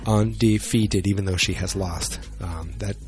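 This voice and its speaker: Male vlogger, lowish voice, loose rambling delivery with self-mocking jokes. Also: moderate pace, faint music behind. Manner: rambling, joking, self-deprecating. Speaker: solo wrestling vlogger. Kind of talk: casual rambling chat.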